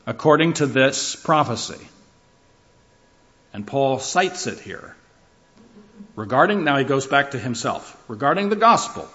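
A man's voice: mid-range voice, fairly bright tone. Emphatic male preacher, slightly dull recording. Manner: emphatic, rhythmic lists with rising and falling delivery. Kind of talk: sermon.

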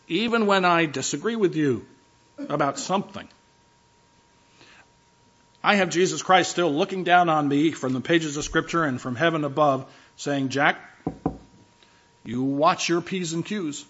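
A man's voice: on the high side, measured pace, pauses often, a bit bright, highs cut off. A man preaching a sermon as pastor, emphatic, driving home key phrases by repeating them.

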